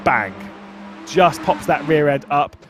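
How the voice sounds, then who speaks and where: A man's voice: on the high side, lively intonation, slow, noisy background. A man with an Australian accent, doing laid-back co-commentary on an esports race, often laughing and saying "mate".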